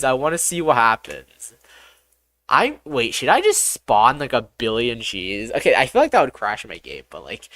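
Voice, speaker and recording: A game developer streaming live, talking through each step aloud, excitable and swearing often. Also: mid-range voice, unhurried, dry recording, clean studio sound. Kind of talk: live-streamed coding commentary.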